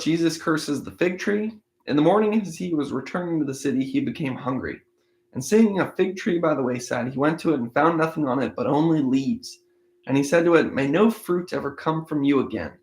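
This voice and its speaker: Man casually explaining scripture aloud. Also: medium pitch. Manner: conversational and thinking aloud, with frequent restarts and hedges. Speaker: Bible-in-a-year podcast host. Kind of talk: reading scripture aloud, then casual commentary.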